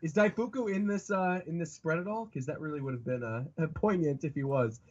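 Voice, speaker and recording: A man's voice: a little high, a little fast, a little mellow, slightly rough, highs cut off. A man co-hosting a podcast, joking playfully in casual chat. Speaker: podcast co-host.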